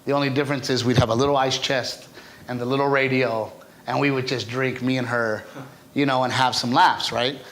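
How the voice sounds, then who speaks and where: A talkative, animated stand-up comedian recounts stories in an informal interview, regularly adding "right?" at the end of his lines. His voice is mid-range and runs a little fast.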